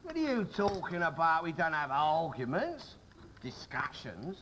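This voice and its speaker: A bossy, cantankerous middle-aged husband in a 1960s TV sitcom, lecturing and bursting into shouts. His voice sits high and swings all over. Faint hiss is under the old recording. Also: very animated, measured pace. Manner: grumbling, hectoring, bursts into shouting. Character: blustering loudmouth working-class London husband, bossy and cantankerous. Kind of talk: 1960s television sitcom acting.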